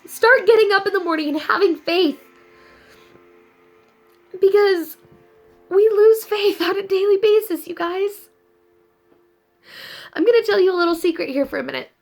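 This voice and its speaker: A young woman talking earnestly and upbeat to her viewers in a casual inspirational vlog, telling a story with animated ups and downs. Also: extremely high pitch, normal speed, pauses often, soft background music, low-quality recording. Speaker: vlogger.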